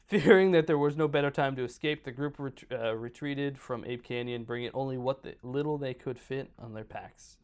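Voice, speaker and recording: A man of middle pitch co-hosts a podcast in casual chat. He reads a story aloud but keeps breaking off to joke and ramble. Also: normal speed, hardly any pauses, darkish tone, smooth. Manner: rambling, joking, breaks off into banter mid-story. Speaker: podcast co-host.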